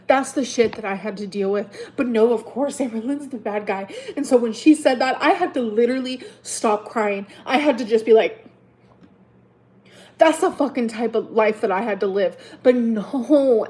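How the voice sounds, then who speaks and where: A woman in her thirties ranting angrily in a vlog, profane and heated, swinging between loud outbursts and low mutters. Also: moderate pace. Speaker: vlogger.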